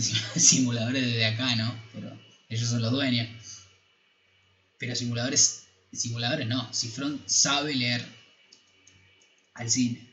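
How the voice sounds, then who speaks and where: A man's voice: medium pitch, a bit bright, dull audio. Chatty man in an echoey room. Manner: chatty, laughing, searching for words. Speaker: film commentator. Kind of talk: casual reaction commentary.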